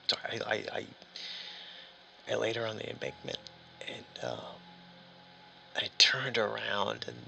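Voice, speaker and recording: A man's voice: fairly low pitch, creaky, sharp tone, a little hiss or hum, heavily acted, low-quality recording. A man playing a shaken, stammering trucker. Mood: shaken, haunted. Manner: halting and stammering, with nervous laughs. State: exhausted and aching. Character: lost, shaken long-haul trucker man calling his dad. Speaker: solo tabletop game player. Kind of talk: first-person in-character monologue.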